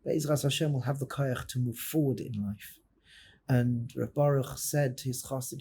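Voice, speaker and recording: A man, a rabbi, telling a story in a sermon, dramatic and swinging between loud and hushed passages. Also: medium pitch, steady tone, moderate pace, a little hiss or hum.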